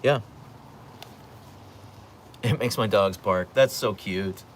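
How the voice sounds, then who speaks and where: A man's voice: fairly low pitch, takes it slowly, slight background noise. A man hosting a casual livestream from home, reading out the chat and rambling playfully, slipping into voices when he retells stories.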